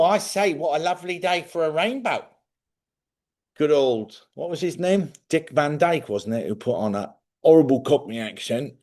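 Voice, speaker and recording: A man hosting a live stream, chatting casually and rambling as he thinks out loud. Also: mid-range voice. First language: English.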